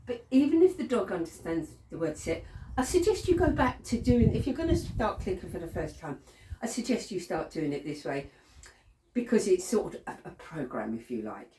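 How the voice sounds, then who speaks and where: A chatty woman explains dog training in a casual lesson, laughing often and checking in with "okay". Her voice is low and mellow but moves lively up and down. It sounds roomy and a little distant, picked up by a camera mic across an echoey room. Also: normal speed, a little hiss or hum.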